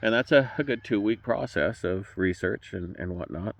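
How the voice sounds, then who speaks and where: A man's voice: fairly low pitch, moderate pace, no echo. An emotional man speaking as a political candidate, folksy and fervent, often repeating words as he restarts. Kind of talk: direct-to-camera campaign address.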